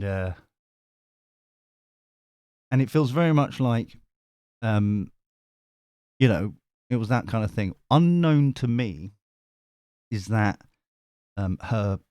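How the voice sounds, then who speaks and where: A man's voice: on the low side, animated, slow, pauses often, dark tone, clean tone, no echo, clean studio sound. A middle-aged man telling a rambling story on a live stream, full of restarts and casual swearing. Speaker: tarot reader and live streamer.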